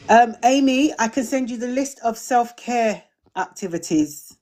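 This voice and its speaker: A middle-aged woman hosts a live-streamed community drop-in, chatting casually as she welcomes viewers and answers their questions, repeating phrases as she goes. Her voice is a little high, and she speaks a little slowly.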